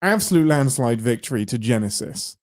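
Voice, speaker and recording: A man's voice: medium pitch, a little fast. Chatty man co-hosting a podcast. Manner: animated, laughs often, jumps between thoughts. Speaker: podcast co-host. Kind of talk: casual live-stream chat.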